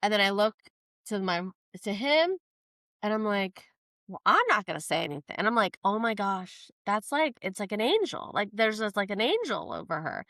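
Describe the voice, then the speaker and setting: A woman co-hosting a podcast, telling a personal story in casual chat, animated and full of "like" fillers. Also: mid-range voice, normal speed, dry recording. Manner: animated, quotes herself in lively voices; frequent fillers "like". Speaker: podcast co-host.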